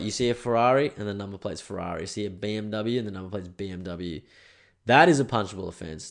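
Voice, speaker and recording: A young Australian man hosting a podcast alone, ranting casually and swearing. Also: lowish voice. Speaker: podcast host. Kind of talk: solo podcast rant.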